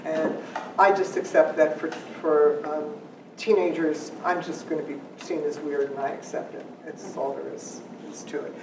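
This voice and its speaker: An animated, teasing presenter giving an informal workshop talk to parents, telling stories as they go. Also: mid-range voice, normal speed. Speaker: workshop presenter on working memory. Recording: echoey room, far mic, background noise.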